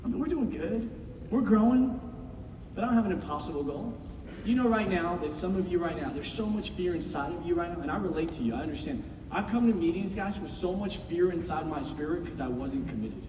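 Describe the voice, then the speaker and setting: A middle-aged man giving an impassioned motivational speech to a room of recruits, swinging from shouting to hushed tones. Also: high voice, lively intonation, brisk, noisy background. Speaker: business team leader speaking to recruits. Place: large meeting room with an audience. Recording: echoey hall, mic far off.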